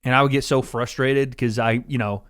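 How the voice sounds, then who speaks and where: A man's voice: medium pitch, fairly even intonation, moderate pace, a bit bright, clean tone, no room sound, clean studio sound. A man chatting on a podcast about his own boxing, candid and self-deprecating as he tells the story. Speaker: amateur boxer and co-host. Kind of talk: casual podcast chat.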